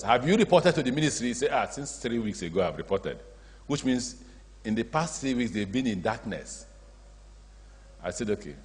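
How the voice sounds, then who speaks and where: A man with a Nigerian accent giving a public speech as a state governor, telling stories and acting out the dialogue. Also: fairly low pitch. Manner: storytelling, acts out dialogue, animated asides. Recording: long hall reverb.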